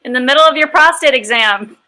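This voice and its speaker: High, bright-voiced woman comic. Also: fast, a little hiss or hum. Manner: rambling, filler-heavy stand-up delivery. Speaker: comedian panelist. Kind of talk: improv comedy.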